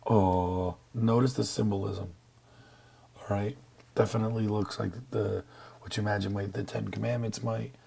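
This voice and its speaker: Male teacher, gravelly low voice, husky, casual joking lecture. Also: steady tone, normal speed, warm tone. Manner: casual and joking, with slang asides. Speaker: history teacher. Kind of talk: classroom lecture over slides.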